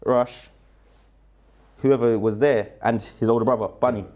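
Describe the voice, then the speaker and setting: A man's voice: mid-range voice, measured pace. A man, a guest in an interview, retelling events in slangy street talk and acting out what people said. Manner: slangy, animated retelling with quoted speech. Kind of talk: casual storytelling interview.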